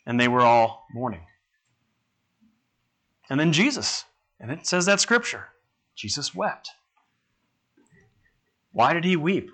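A man's voice: on the high side, a bit bright, breathy edge. A man preaching a sermon in a conversational way, asking his listeners questions. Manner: conversational, asks the congregation questions.

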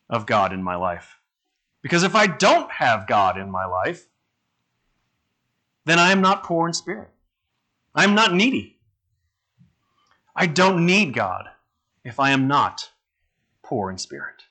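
Delivering a sermon in a chatty style, a man asks his listeners questions as he goes. He speaks at medium pitch with a bright, forceful tone.

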